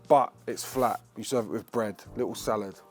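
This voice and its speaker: A man's voice: fairly low pitch, normal speed, faint music behind. A man hosting a cooking show, talking in a slangy, chatty, joking way while he cooks in a kitchen. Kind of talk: casual cooking demonstration.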